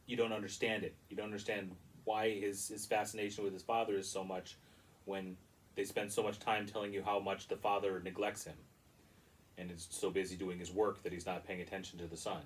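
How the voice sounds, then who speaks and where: Male film reviewer, low-ish voice, chatty and critical, stumbles and restarts, mic set back from him. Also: level tone, brisk, far from the mic, a little hiss or hum, rough recording. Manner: rambling, critical, frequent restarts. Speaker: movie reviewer. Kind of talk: casual spoken review.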